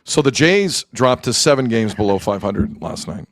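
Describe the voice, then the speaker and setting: A man hosting a sports talk show, excitable, jumping between shouting and low muttering. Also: normal speed, no echo, studio quality.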